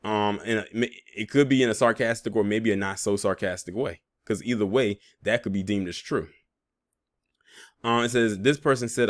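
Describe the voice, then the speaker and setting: A man's voice: lowish voice, no echo, studio quality. A man reading out social media posts and reacting with sarcastic, laughing asides, as host of a commentary channel.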